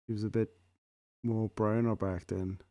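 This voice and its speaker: A man's voice: on the low side, little pitch movement, normal speed, dark tone, no echo. A man casually commenting on old television adverts in a reaction video, chatty and laughing along.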